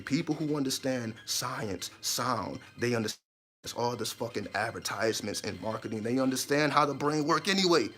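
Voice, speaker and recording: Addressing his channel's viewers directly, a man delivers an emphatic, casual monologue, going over his points again and occasionally swearing. His mid-range voice is expressive and a bit bright at a normal speed, with soft background music.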